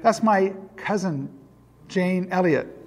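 A man's voice: high voice, takes it slowly. A man in his fifties from Iowa gives a public lecture as a guest speaker. He tells digressive personal anecdotes and pokes fun at his younger self. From Iowa, USA. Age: 50s. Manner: self-deprecating, digressive storyteller. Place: large hall in a synagogue. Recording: long hall reverb.

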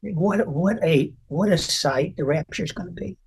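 An older man with a husky, breathy voice recounts a personal faith testimony as an interview guest. He tells it earnestly and with deep emotion, acting out the lines he quotes. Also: moderate pace. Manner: emotional, earnest storyteller who acts out quotes.

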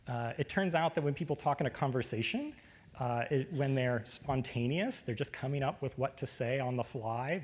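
A man giving a technical lecture, relaxed, with frequent fillers. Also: medium pitch, husky.

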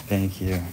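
Deep and a little bright, this voice belongs to an Australian man in his thirties, with some faint hiss or hum in the background. Late at night on his livestream, he reads out messages from viewers and teases them playfully.

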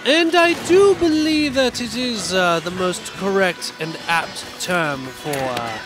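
A man voicing a formal, wry narrator who speaks slowly and deliberately. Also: high-pitched, lively intonation. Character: dry formal male game narrator. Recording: game music under voice.

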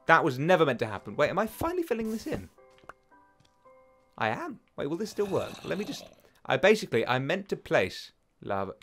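Chatty British young man, lively pitch. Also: a little fast, soft background music. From United Kingdom. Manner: chatty, rambling, easily flustered with exclamations. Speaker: let's play host. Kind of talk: casual gaming commentary. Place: home bedroom.

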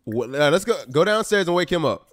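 Man, gaming commentary, lively swooping pitch, dry close sound. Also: a little fast, no echo. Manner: animated, exasperated, talks to viewers as y'all. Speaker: gaming YouTuber. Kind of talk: Sims let's-play commentary.

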